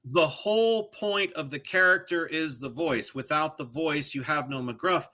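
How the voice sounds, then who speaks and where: A middle-aged man co-hosting a podcast in casual chat, digressive and animated, drifting into joke voices. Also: a little high, measured pace. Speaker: podcast co-host.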